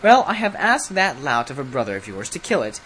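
A storybook reader voicing a scheming, self-serving old king who gives brisk, bossy orders. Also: mid-range voice, very animated, a bit bright, a little hiss or hum, rough recording.

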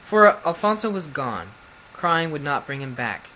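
A man narrating a fairy tale as an audiobook reader, steady and even, with occasional slips and restarts. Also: fairly high pitch, a little slow, slight background noise, poor audio. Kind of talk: storybook narration.

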